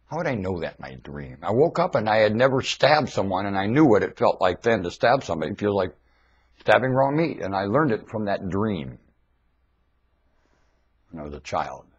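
Husky man rambling into a webcam. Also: on the low side, very animated, moderate pace, muffled recording. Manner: rambling, musing aloud to viewers. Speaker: vlogger.

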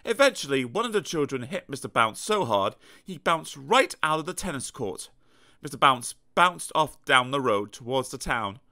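A man reading a children's storybook aloud in a lively, playful way, with sound effects. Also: medium pitch, moderate pace. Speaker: audiobook narrator.

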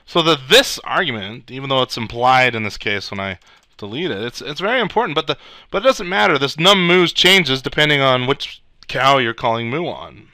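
Bright, crisp man teaching code. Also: medium pitch, lively intonation, moderate pace, no echo. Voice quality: clears throat often. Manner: thinks aloud while typing, casual asides and restarts. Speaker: programming instructor. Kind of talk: screencast coding tutorial.

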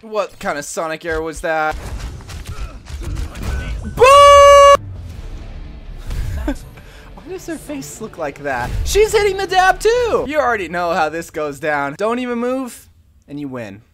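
Hyper young man yelling over gameplay. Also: high-pitched, moderate pace, faint music behind. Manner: excitable, yelling and laughing. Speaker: gaming YouTuber. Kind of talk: goofy gameplay commentary.

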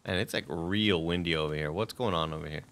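A man streaming a video game, excitable and profane, laughing and talking to his chat. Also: low-pitched, fast talker, slight background noise. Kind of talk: live gameplay commentary. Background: game music and sound effects.

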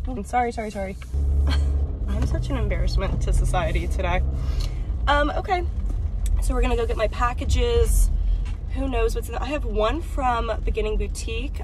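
A woman's voice: on the high side, a little hiss or hum. A woman in her twenties chatting casually to her camera as she runs errands, giggly and self-deprecating. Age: 20s. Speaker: vlogger. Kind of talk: casual vlog chat. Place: moving between indoors, car and street.

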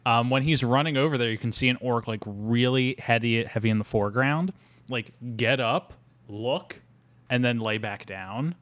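A man's voice: medium pitch, normal speed, fairly bright tone, no room sound. A man co-hosting a casual movie podcast, chatty and laughing often, with trivia asides. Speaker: podcast co-host. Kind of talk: casual movie-discussion chat.

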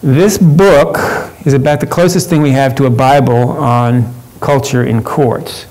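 A man's voice: mid-range voice, steady tone, normal speed, darkish tone, rough recording. A man presenting a workshop at a professional conference, talking conversationally with frequent fillers and restarts.

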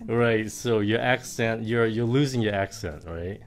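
A woman's voice: rumbling low, measured pace. A Vietnamese woman hosting a casual pronunciation lesson, asking curious questions and reacting with surprise. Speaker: host, English teacher.

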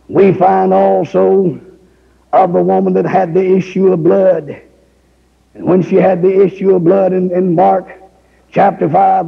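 A man preaching a fiery revival sermon, telling the story in a folksy way and bursting into shouts. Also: high-pitched, vocal fry, husky. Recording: lo-fi recording with long hall reverb.

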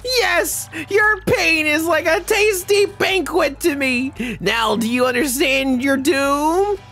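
A man voicing a cruel, theatrical demon from a video game, gloating over his victim with drawn-out taunts and shouts. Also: extremely high pitch, faint music behind, pitched above the performer's own voice, full character voice. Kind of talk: video game dialogue read-along.

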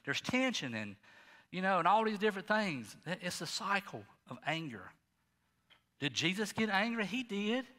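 A middle-aged male pastor preaching a sermon in a folksy, animated way, talking straight to the congregation. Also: high voice, big-room sound. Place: church sanctuary.

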